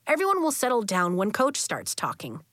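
A gentle, reassuring fifth-grade boy, voiced by a woman speaks softly and kindly. The storybook boy sounds calm, recorded close and dry. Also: medium pitch, brisk, no echo.

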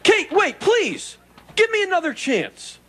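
A whiny wisecracking sitcom alien. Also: male voice, very high-pitched, very animated, breathy edge, full character voice. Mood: pleading. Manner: quick wisecracks and whiny pleading. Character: wisecracking furry male alien houseguest, scheming and needy. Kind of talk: 1980s sitcom acting. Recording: loud studio audience laughter, noisy.

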